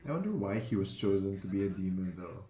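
A man giving live reaction commentary on an anime, excitable and swearing freely as he exclaims at the screen. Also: low-pitched, fast. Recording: echoey room with faint music.

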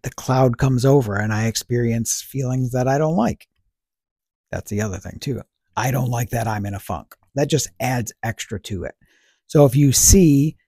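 Man, husky voice, mid-pitched, conversational musing, rhetorical questions, dry close sound. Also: darkish tone, no echo. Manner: asks rhetorical questions and answers them himself; conversational, fillers like "you know" and "right". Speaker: podcast host. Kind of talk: casual reflective monologue.

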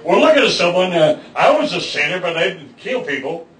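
A man preaching a sermon in church, emphatic, often rising to shouts, with the congregation answering. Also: high-pitched, big pitch swings, fairly quick, a little hiss or hum. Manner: emphatic, rising to shouts, acting out quoted voices. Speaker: pastor. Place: church sanctuary. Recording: echoey church from far off.

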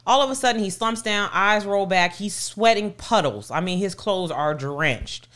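A woman's voice: medium pitch, expressive, normal speed, fairly bright tone. A middle-aged woman co-hosting a podcast, animatedly retelling a story and acting out the voices of people in it. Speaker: podcast co-host. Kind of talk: casual storytelling chat.

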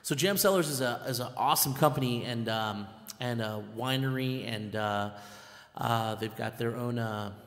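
A man hosting a band's live stream in casual chat, excitable and rambling, with lots of fillers and restarts. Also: medium pitch, moderate pace. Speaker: band leader and live stream host. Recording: echoey room with long reverb.

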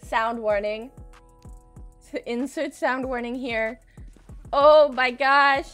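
High bright-voiced young woman gamer. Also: takes it slowly, long pauses, clean tone, faint music behind. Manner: excitable, screams and laughs often, swears. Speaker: gaming streamer. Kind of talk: casual gameplay commentary.

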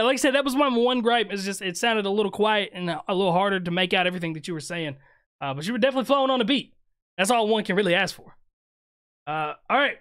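High-voiced casual male streamer. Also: fairly bright tone, clear, resonant tone. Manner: laid-back, joking, slangy, trails off and restarts. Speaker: streamer reacting to music. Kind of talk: casual live-stream chat.

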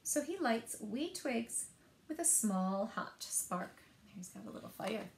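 A woman librarian reading children's picture books aloud in a rhythmic, expressive way. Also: fairly high pitch, measured pace. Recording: echoey room.

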